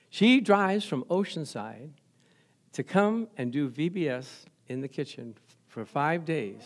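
A male pastor preaching an energetic sermon, often laughing and asking his congregation questions. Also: a little high, unhurried.

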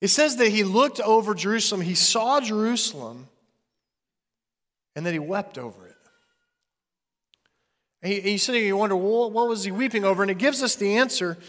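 Earnest male preacher, conversational delivery, high voice, echoing sanctuary. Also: expressive, fairly quick, long pauses, fairly bright tone. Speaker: pastor. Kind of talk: sermon.

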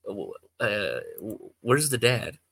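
A man's voice: on the low side, big pitch swings, slow, creaky, a bit bright, husky, no echo. A man hosting a podcast who reads amateur fiction aloud, stumbles, corrects himself, and breaks off into rambling asides. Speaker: podcast host.

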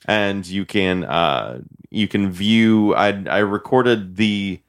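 A young man from Illinois co-hosting a podcast, talking casually with many pauses and self-corrections. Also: lowish voice. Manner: halting, self-correcting, chuckles often. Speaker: podcast co-host and musician. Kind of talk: casual chat.

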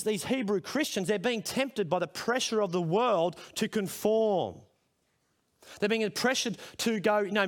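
At a school chapel service, a middle-aged preacher with a high-pitched voice delivers a sermon. He speaks conversationally, becoming emphatic as he poses questions to the room.

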